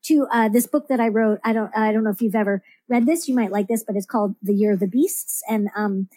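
A woman guest on a podcast talks in a loose, rambling way, full of ums and restarts as she works through her thoughts. Her mid-pitched voice is recorded very dry, with no room sound around it. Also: fairly quick, mellow, no echo. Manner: rambling, many fillers and restarts. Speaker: comics writer, podcast guest. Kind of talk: casual interview chat.

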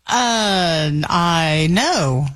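A woman's voice: on the low side, lively intonation, extremely slow, a bit bright. A woman co-hosting a radio show, chiming in with easygoing, agreeable banter. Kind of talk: casual on-air banter.

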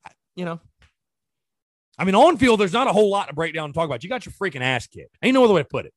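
A man's voice: high-pitched, very animated, rapid-fire, dry recording. A man hosting a sports podcast, ranting in an exasperated way and firing off rhetorical questions in casual commentary.

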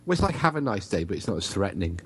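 A man's voice: deep voice, sing-song, rapid-fire, a bit bright, slight background noise. A man, co-hosting a podcast over a call, rambling and wry in self-deprecating banter. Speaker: podcast co-host. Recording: remote call audio.

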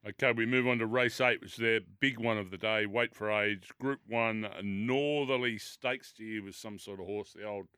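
An Australian man fronting a racing radio show from the studio, his voice bright and smooth with a dry, close sound. He moves the talk along in a chatty way, stopping now and then for a filler. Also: fairly low pitch, steady tone, dry recording. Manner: chatty, leads segments, pauses with fillers.

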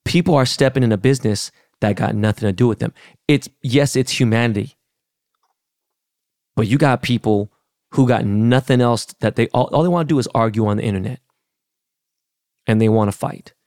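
Gravelly, blunt, profane male podcast host. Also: mid-range voice, normal speed, pauses often, darkish tone, no echo, clean studio sound. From Los Angeles, California. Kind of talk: casual rant.

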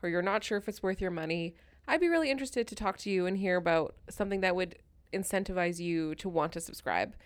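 A woman's voice: on the low side, fast, clear, resonant tone. Chatty woman co-hosting a podcast. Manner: relaxed, conversational, frequent fillers. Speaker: podcast co-host. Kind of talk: casual chat.

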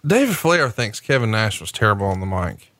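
A man's voice: on the low side, big pitch swings, a little fast, a bit bright, no room sound. A man co-hosting a podcast in casual chat, joking, teasing and swearing freely. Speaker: podcast co-host.

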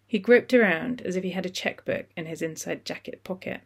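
Steady measured audiobook narrator. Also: mid-range voice, vocal fry, breathy edge.

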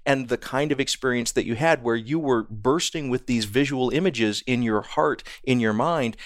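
A man hosting an interview, asking thoughtful, measured questions. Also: mid-range voice, dry recording, studio quality. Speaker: interviewer host.

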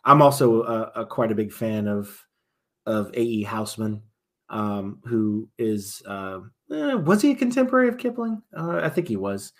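A man's voice: on the low side, animated, normal speed, a bit bright. A man, a military veteran, talking casually as a podcast guest, often restarting his sentences and swinging between emphatic and trailing-off delivery.

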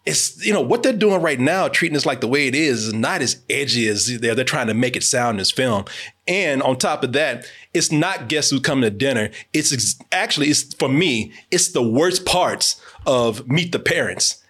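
A young man hosting a casual movie review chat, emphatic and animated, swearing and laughing often. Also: mid-range voice, moderate pace, slightly rough. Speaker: podcast host.

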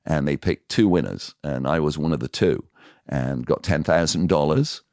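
Very deep-voiced older English man telling stories. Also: moderate pace, dry recording, studio quality. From England. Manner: animated anecdotes, lively voiced quotes. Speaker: podcast guest, radio DJ. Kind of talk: casual storytelling.

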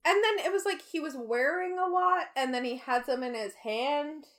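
A woman's voice: sits high, moderate pace, a bit bright. A young woman co-hosting a podcast, playful in casual chat and reading episode intros aloud. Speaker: podcast co-host.

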